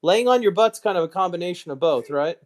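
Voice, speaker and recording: A man hosting a casual live stream, muttering to himself while sorting items and throwing quick asides to the chat. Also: sits high, lively intonation.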